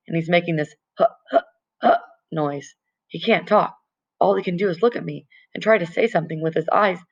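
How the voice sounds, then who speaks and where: Woman reading a novel, lo-fi. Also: on the low side. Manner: plain first-person storytelling with small stumbles. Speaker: audiobook reader. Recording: dull lo-fi recording.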